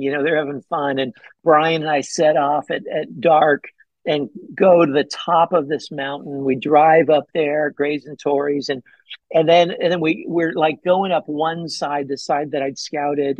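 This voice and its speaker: A man telling a hunting story as a podcast guest, excited and rambling, with many fillers and restarts. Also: dry recording, low-quality recording. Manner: acts out his own past words with big pitch jumps. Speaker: podcast guest, bowhunter and pastor. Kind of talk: casual storytelling in an interview.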